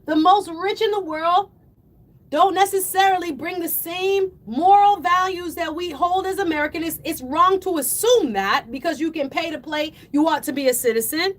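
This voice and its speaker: Woman, radio host, high voice, fiery preachy commentary. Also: normal speed. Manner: fiery, preachy, rising to yelling then apologizing. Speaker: radio talk show host. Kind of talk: impassioned call-in show commentary.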